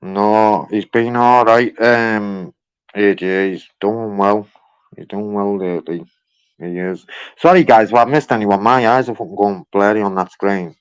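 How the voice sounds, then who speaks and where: Brief: male streamer, slightly low voice, rambling and profane, casual chat to viewers. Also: measured pace, smooth, low-quality recording. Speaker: livestreamer.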